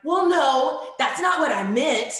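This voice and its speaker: A woman voicing a frustrated young girl in a higher, whiny tone. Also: lively intonation, slow, fairly bright tone, full character voice. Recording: echoey room.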